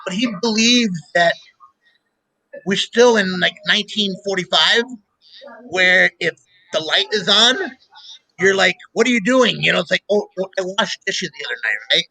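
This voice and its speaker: Middle-aged male host, bright high voice; lively storyteller who laughs a lot. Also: normal speed, pauses often, poor audio. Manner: animated storyteller, laughs often. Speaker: show host. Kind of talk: casual radio-style chat.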